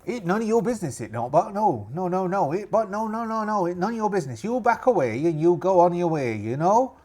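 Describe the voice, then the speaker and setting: A man's voice: high-pitched, sing-song, fairly quick, a little mellow, voice pushed up. A man voicing a territorial rival pirate leader who threatens. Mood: threatening. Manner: muddled pirate dialect, threatening, repetitive.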